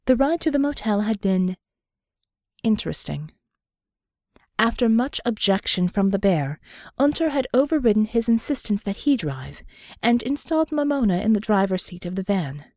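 A woman narrates an audiobook from a script in a wry, even storytelling manner. Her mid-range voice moves at a moderate pace, captured in a dry, studio-quality recording.

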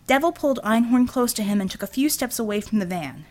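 A woman narrating an audiobook in an expressive, animated storytelling manner. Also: a little high, fast, few pauses.

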